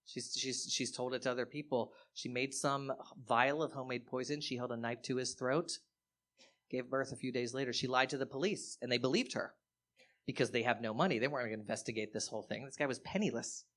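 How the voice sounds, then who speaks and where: A man voicing his blunt, gossipy female cousin in a lower, hushed, matter-of-fact tone during a stand-up story. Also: brisk, natural voice. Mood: confiding.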